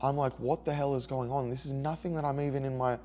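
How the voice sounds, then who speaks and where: A man's voice: medium pitch, fairly even intonation, fast, dark tone. An upset man, telling a rambling personal story in a video diary and repeating himself when hurt. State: emotionally upset. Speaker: vlogger.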